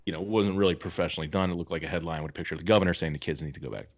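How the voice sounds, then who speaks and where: A deep-voiced man co-hosts a casual podcast, spinning a story with lively acted-out voices for the people in it. The audio is a little dull and lo-fi. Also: racing. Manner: animated storyteller acting out quoted voices. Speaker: podcast co-host.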